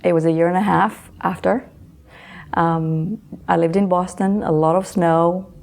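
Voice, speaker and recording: A middle-aged woman, an author and interview guest, earnestly telling a personal story and often answering with quick yeses. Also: on the low side, steady tone, vocal fry, darkish tone. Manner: earnest, repeats words, frequent affirming yeses.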